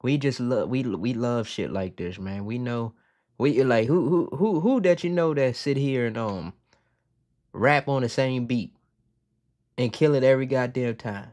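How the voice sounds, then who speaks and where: Excitable man reacting, dry mic. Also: medium pitch, a little slow, dry recording. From Virginia, USA. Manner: excitable, profane, keeps repeating "man". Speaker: reaction video host. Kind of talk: casual reaction commentary. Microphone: headphones on, talking to camera.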